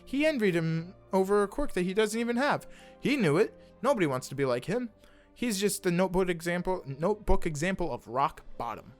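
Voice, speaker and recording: A man's voice: high voice, a little fast, soft background music. A young man reading fan fiction aloud in a casual way, stumbling over words and adding asides. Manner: animated, stumbles over words, laughs at the text.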